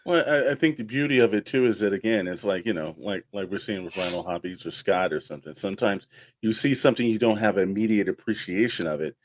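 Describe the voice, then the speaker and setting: A man musing out loud on a casual podcast, reflective and rambling. He strings thoughts together with "you know" and "like." His voice is somewhat low, recorded dry and close to the mic. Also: fast, dry recording. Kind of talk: casual livestream chat.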